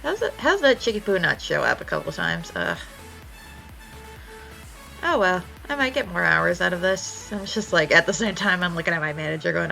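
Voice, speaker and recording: A young woman talks casually on a stream, swearing freely as she tells stories. Her voice is low-pitched but bright, with a gravelly edge and a lively, wide-ranging delivery. Soft music plays behind her. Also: normal speed, rough recording. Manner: chatty, swears freely, animated storytelling. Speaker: art streamer. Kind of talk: casual chat while drawing.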